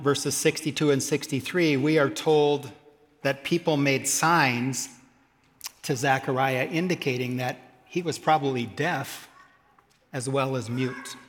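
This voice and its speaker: A man's voice: medium pitch, big-room sound. A man preaching a sermon, reading scripture aloud and adding humorous asides. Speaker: pastor.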